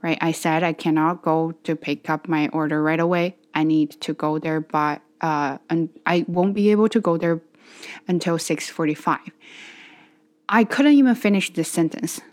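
A woman's voice: low-pitched, moderate pace, darkish tone. A young adult woman telling a personal story for her vlog, candid and wordy, with many restarts and fillers. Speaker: vlogger.

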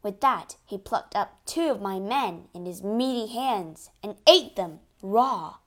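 A woman narrating a storybook adventure in the first person, measured and expressive. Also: medium pitch.

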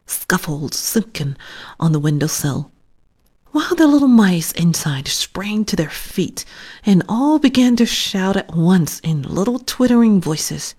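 A woman reading a children's story aloud in a soft, hushed, whispered storytelling voice. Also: on the low side, big pitch swings, unhurried, slightly rough.

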